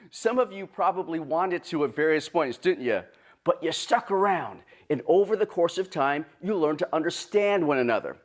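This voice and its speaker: A man, born in Vietnam, giving an animated, joking keynote talk to a virtual audience. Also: on the high side, normal speed. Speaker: guest speaker.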